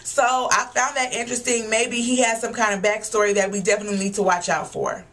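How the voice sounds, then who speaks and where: A woman's voice: medium pitch, flat delivery, fast talker, fairly bright tone. A young woman vlogger giving a casual, blunt and profane rant reviewing a TV episode. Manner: blunt, profane, exasperated ranting.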